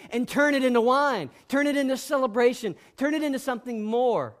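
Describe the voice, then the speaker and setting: A man delivers a sermon with a loud, impassioned manner. His voice sits notably high for a man. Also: moderate pace, hardly any pauses. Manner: passionate, loud preaching. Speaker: pastor.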